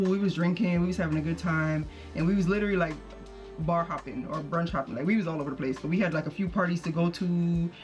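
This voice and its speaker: Woman, casual storytime, chatty and slangy, acts out the quotes. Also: fairly low pitch. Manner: chatty, slangy, animated retelling with quoted voices. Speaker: vlogger.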